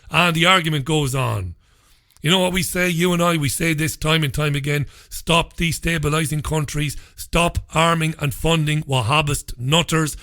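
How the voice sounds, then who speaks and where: A male talk radio host with a bright, forceful voice, delivering opinionated news commentary. He sounds scornful and mocking, a little higher than most men, and often laughs at his own jokes.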